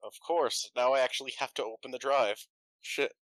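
A man's voice: mid-range voice, steady tone, normal speed, a bit bright, dry recording. A man playing a tabletop game, talking casually and laid-back, often trailing off. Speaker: player.

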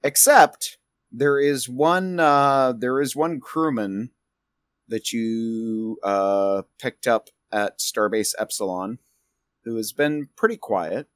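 A man's voice: mid-range voice, slow pace, no room sound. A man narrating as game master of a tabletop role-playing game, rambling with restarts. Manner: rambling, many fillers and restarts.

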